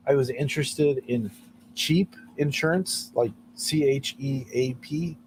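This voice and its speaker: A man's voice: medium pitch, darkish tone, slight background noise, rough recording. A man hosting a casual late-night livestream, telling stories and chuckling often as he talks. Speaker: livestream host.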